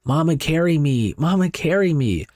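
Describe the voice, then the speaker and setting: A man's voice: on the high side, expressive, moderate pace, a little mellow, no echo, voice pushed up, natural voice. A man voicing a cursed two-year-old girl in a dramatic reading of a horror manga, pleading in a singsong way. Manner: singsong, begging.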